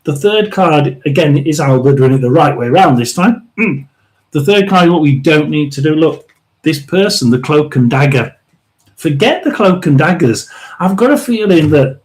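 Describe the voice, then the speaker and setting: A man hosting a live tarot reading, rambling and emphatic, often restarting and clearing his throat. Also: a little high, a little mellow, poor audio. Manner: chatty and emphatic, drawn-out stresses. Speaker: tarot reader and live stream host.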